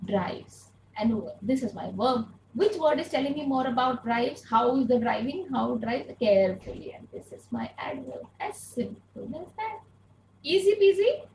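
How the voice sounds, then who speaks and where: A woman's voice: sits high, expressive, normal speed, vocal fry, darkish tone, echoey room, a little hiss or hum, rough recording. A woman teaching an online grammar lesson, patiently repeating key points and asking rhetorical questions, speaking through an earphone mic. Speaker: English teacher.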